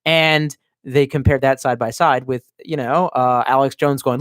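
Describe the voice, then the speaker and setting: A man from the United States streaming from his basement, reading chat aloud and ranting with profanity, talking to himself and breaking into sudden yells. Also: medium pitch, steady tone, a little slow, clean tone, no echo, studio quality. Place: home basement room.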